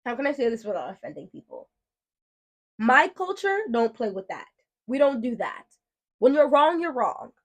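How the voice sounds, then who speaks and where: A woman's voice: fairly high pitch, big pitch swings, normal speed, long pauses. A woman telling a story in a casual vlog, firm, emphatic and outspoken, like a protective mom setting things straight. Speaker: mom and beauty vlogger.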